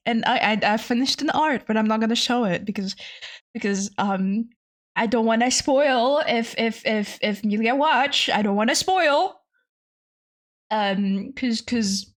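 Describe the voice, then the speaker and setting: Young woman streamer, rambling and giggly, pitch a touch high. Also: a little slow. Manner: rambling, giggly, animated exclamations. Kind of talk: casual live-stream chat.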